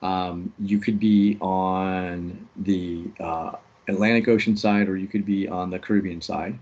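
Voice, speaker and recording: A man's voice: sits low, steady tone, measured pace, a little mellow, muffled recording. A man co-hosting a casual chat show, telling travel stories in a laid-back way with lots of ums. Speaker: podcast co-host.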